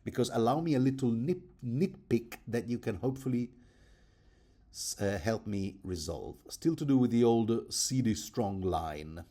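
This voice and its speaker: A man's voice: mid-range voice, animated, a little slow, dark tone. A man giving a rambling, casual commentary on a book, chatty and digressive and often mocking himself.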